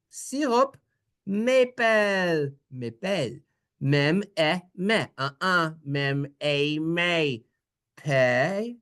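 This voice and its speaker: A teacher giving a playful, jokey Hebrew lesson over slides, in an animated, singsong voice. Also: mid-range voice.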